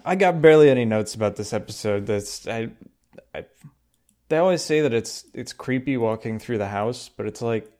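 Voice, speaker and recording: A man's voice: medium pitch, animated, normal speed, darkish tone. A man co-hosting a casual podcast, adding dry, wry one-liners. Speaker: podcast co-host. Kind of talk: casual chat.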